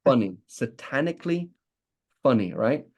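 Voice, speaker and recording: A British-accented man, a religious teacher, gives a conversational lesson in a mid-range, darkish voice with lively intonation at normal speed. He keeps asking "right?" and acts out what imagined people might say.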